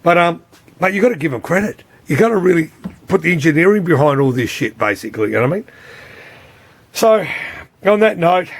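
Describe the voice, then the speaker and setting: A man's voice: on the high side, lively intonation, fairly quick, creaky, pauses often. A man explaining a machine repair in a loose, rambling way, blunt and swearing freely, often asking "you know what I mean". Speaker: repair technician.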